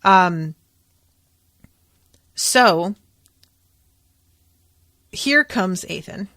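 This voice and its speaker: A woman's voice: lowish voice, expressive, drawn-out words, fairly bright tone, no room sound, studio quality. A woman hosting a podcast, recapping book chapters in a chatty way, with lots of "like" and "um" and some casual swearing. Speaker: podcast host.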